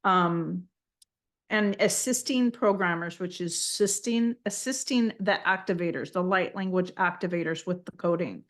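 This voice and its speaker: Speaking at a moderate pace, this spiritual channeler delivers messages during a live intuitive reading with gentle warmth, frequently moved to emotion. Sometimes her speech turns into high, flowing syllables that sound invented.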